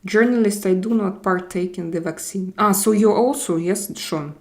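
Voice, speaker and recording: A woman's voice: medium pitch, moderate pace. A woman from Russia with a Russian accent, hosting a casual live stream and answering viewers' comments as she switches between languages. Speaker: live-stream host reading chat.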